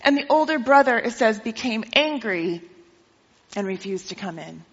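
A woman preacher who tells a parable in a lively way during a sermon and keeps checking in with her listeners. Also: a little high, moderate pace. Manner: lively storytelling, asks listeners questions. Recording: dull with long hall reverb.

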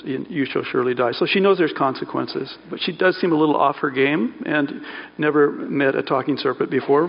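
This sermon comes from a pastor whose conversational delivery is full of mid-sentence corrections and asides. His voice is a little high and creaky, and the recording sounds dull, with long hall reverb.

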